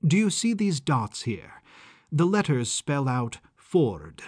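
A man voicing Elizabeth, a sharp, inquisitive woman sleuth in an audio story, over faint music. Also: on the high side, very animated, slow pace, breathy edge, no room sound, clean studio sound, heavily acted. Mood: explaining.

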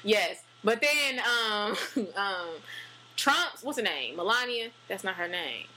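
A woman chatting casually, animated and full of fillers and restarts. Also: medium pitch, takes it slowly, rough recording. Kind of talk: casual chat.

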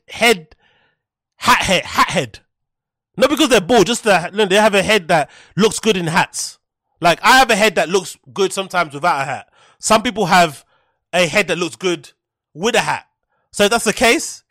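A man's voice: high voice, fairly bright tone, dry recording, studio quality. A man with a British accent rambling through a casual solo podcast, mocking and swearing freely as he talks. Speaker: podcast host.

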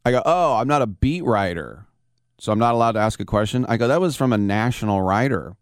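A man hosting a live sports talk radio show, telling baseball stories in a casual, animated way. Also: mid-range voice, a little fast, no echo, clean studio sound. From San Francisco Bay Area. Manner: storytelling, animated, acts out quotes.

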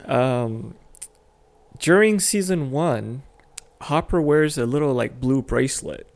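Gravelly-voiced man chatting casually. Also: mid-range voice, takes it slowly. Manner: easygoing, filler-heavy with "like" and "uh". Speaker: podcast co-host. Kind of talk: casual chat.

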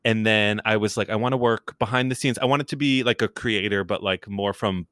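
Bright-voiced man, dry close sound. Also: on the low side, steady tone, brisk, dry recording. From New York. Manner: rambling, many restarts, laughs often. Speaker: guest, comedian. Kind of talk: casual podcast chat.

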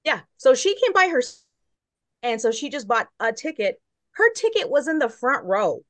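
A woman's voice: sits high, sing-song, moderate pace, no room sound. A woman from Long Beach, California, a guest correspondent who tells a story in casual chat and acts out each quote.

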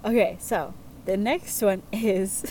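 Here a young woman casually reads listener submissions as host, chatty and quick to giggle, her speech full of fillers. The voice is mid-range and darkish, with lively intonation at a moderate pace, and there's slight background noise.

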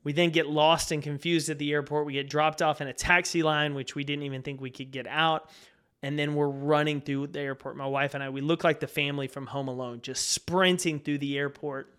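A man's voice: a little high, level tone, a little fast, fairly bright tone, clean tone. A man, hosting a solo podcast and telling a personal story in an earnest, conversational way. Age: 40s. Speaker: podcast host and speaker.

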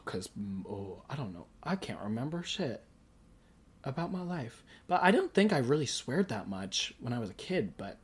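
A young adult in their early twenties hosts a solo podcast in a loose, casual way. The talk drifts and rambles, full of self-aware asides and frequent giggling, in a middle-pitched voice. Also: husky. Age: early 20s. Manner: rambling, giggly, laughs often; self-conscious, chatty, talks to self. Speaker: podcast host.

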